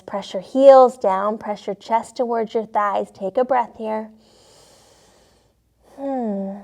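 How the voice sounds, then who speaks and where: Gentle slow-paced woman leading kids' yoga. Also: on the high side. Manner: gentle, playful, calls out animal sounds. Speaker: yoga teacher for children. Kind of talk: guided kids' yoga instruction.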